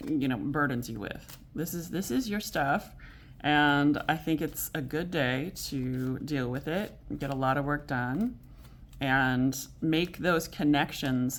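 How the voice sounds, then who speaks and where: A woman giving a casual weekly tarot reading, rambling and correcting herself as she goes, gentle and encouraging, with frequent small laughs. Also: extremely low pitch. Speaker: tarot reader.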